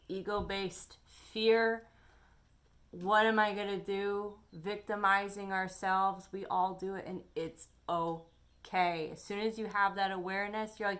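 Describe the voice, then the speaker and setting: A woman tarot reader speaks straight to her camera, giving a weekly energy forecast. Her voice is bright and her talk is chatty and encouraging. She sounds animated and warmly supportive. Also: mid-range voice. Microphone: camera on her face.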